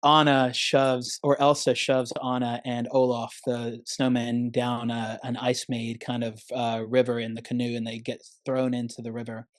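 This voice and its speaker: A man's voice: medium pitch, completely flat delivery, normal speed, hardly any pauses, no room sound, studio quality. A man speaking as a therapist guest on a podcast, earnest and emphatic, often calling the listener "man". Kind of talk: conversational podcast interview.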